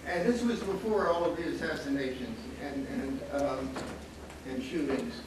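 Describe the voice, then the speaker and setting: A man's voice: a little high, moderate pace. Older man telling a wry story, echoey hall. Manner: wry, anecdotal, chuckling often. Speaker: panelist, former student photographer. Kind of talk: storytelling at a panel talk. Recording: echoey hall, distant mic, audible noise.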